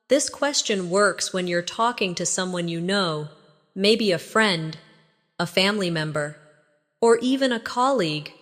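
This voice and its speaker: A woman's voice: mid-range voice, long reverb tail. A woman teaching an English lesson in scripted narration, speaking patiently and encouragingly and modeling phrases for listeners to repeat.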